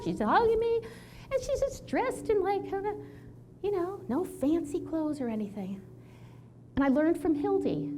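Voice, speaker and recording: A woman in her sixties speaks to an audience in a hall, her voice a little high yet mellow and warm. She tells her stories with animation, acting out the people she quotes. Faint noise hangs behind her. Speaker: chiropractor giving a talk. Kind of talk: storytelling talk to an audience.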